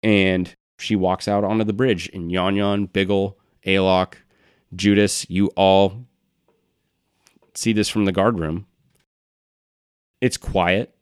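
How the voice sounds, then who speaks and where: A man's voice: deep voice, fairly even intonation, slow pace, long pauses, clear, resonant tone, no room sound, clean studio sound. Laid-back man running a tabletop game. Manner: casual, laughing, many fillers. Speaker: game master.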